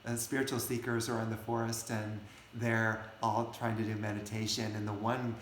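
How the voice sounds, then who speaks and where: Low-voiced man telling a story casually. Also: little pitch movement, normal speed, roomy sound, slight background noise. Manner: rambling, many fillers and restarts. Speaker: host.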